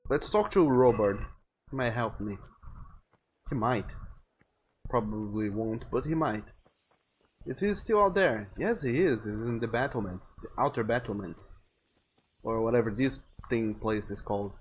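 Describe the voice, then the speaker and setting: A man's voice: medium pitch, unhurried, pauses often, a little hiss or hum. A young man livestreaming a game, chatting casually in a rambling way and reading viewers' messages aloud. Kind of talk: casual gaming commentary.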